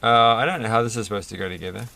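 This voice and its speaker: A man's voice: lowish voice, rapid-fire, vocal fry, bright, forceful tone. A man rambling through a toy build with self-mocking, off-the-cuff commentary, laughing at his own jokes. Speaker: toy reviewer building a set.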